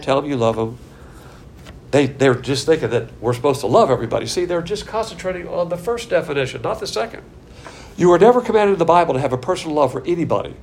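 Male preacher, sermon delivery, gravelly and a touch high, drawn-out emphasis, faint noise. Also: a little mellow. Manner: emphatic, drawn-out key words, asks the audience questions. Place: church room.

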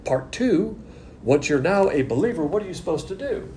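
A man's voice: high voice, sing-song, moderate pace, dark tone, a little hiss or hum. A man preaching a sermon, emphatic and conversational with blunt asides. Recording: echoey room with faint ambience.

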